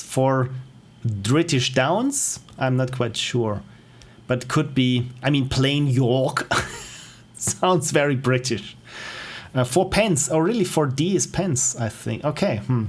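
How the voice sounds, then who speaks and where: A man's voice: medium pitch, expressive, takes it slowly, husky. A man with a German accent, a native German speaker, chatting casually on a livestream as a game developer, rambling and interrupting himself. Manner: rambling, self-interrupting, chuckles often.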